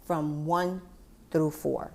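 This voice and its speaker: A woman talks in an unhurried, gentle way, taking her time with each thought. Her voice sits a little low for a woman, and she addresses the listener directly with heartfelt warmth as a grieving mother on her own podcast. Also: level tone, gravelly. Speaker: podcast host. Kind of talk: personal reflective monologue.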